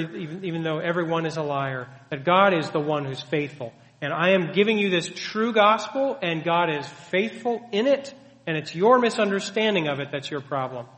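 Man, preacher, earnest, emphatic, fairly high voice, long echo of a hall. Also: normal speed, fairly bright tone. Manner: earnest, emphatic teaching with rhetorical questions. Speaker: pastor. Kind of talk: sermon.

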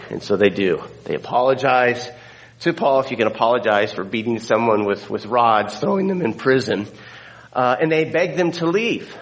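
A man's voice: medium pitch, normal speed, low-quality recording. A male pastor retelling a scripture story in a conversational sermon, with frequent fillers and restarts.

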